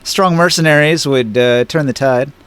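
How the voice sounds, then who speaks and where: Clear-voiced casual game master. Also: male voice, on the high side, moderate pace, fairly bright tone. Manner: rambling, casual, with fillers. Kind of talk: narrating a tabletop game.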